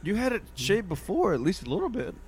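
A man hosting a crude, casual talk show, teasing his guest in a mock-serious way, his voice sometimes cracking when he gets excited. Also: high-pitched, quick pace, noisy background.

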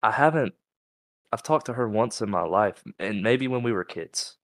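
A young man with a lowish voice rambles through a casual podcast chat, swearing freely as he reads a post aloud and answers it. The sound is dry and close, with no room around it. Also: lively intonation, moderate pace, no room sound. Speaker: podcast co-host.

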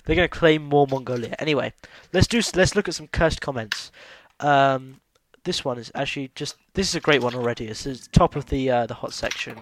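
A man hosts a loose podcast chat over a voice call, laughing a lot and tripping over his own restarts. His voice sits at an ordinary pitch and comes through dry and close, with no room around it. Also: fairly quick, hardly any pauses, no echo. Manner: laughs often, restarts sentences. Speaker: podcast host. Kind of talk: casual chat.

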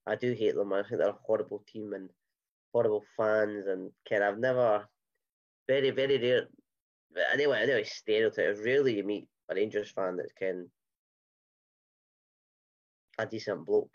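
A man's voice: on the low side, fairly even intonation, brisk, lo-fi sound. A Scottish man hosting a casual football podcast, chatty and rambling with many fillers and restarts. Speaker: podcast host.

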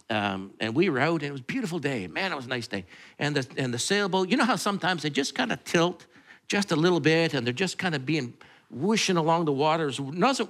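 Animated preacher. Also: male voice, fairly high pitch. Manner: conversational, rambling with restarts and asides. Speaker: pastor. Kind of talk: sermon.

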